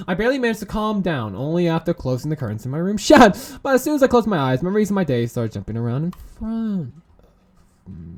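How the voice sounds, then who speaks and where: A woman hosting a let's play, reading a visual novel's text aloud between her own comments, swinging from quiet reading to loud outbursts and swearing casually. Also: lowish voice, big pitch swings, fast talker.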